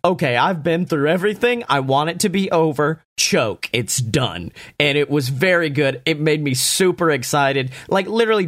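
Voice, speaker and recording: Young man, casual wrestling review, swears a lot, excitable, dry close-mic sound. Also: fairly high pitch, no echo. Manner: profane, excitable, acts out quotes.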